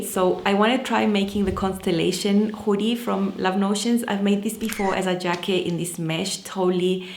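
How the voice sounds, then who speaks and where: A woman's voice: mid-range voice, steady tone, normal speed, hardly any pauses, reverberant, a little hiss or hum. A woman hosting a sewing channel, chatting casually and enthusiastically about fabrics, with frequent fillers. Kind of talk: casual fabric haul chat.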